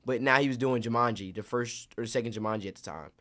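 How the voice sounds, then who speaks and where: Young man telling animated stories. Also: mid-range voice, quick pace. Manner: animated storyteller, acts out quotes. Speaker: actor, interview guest. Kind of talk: casual interview storytelling.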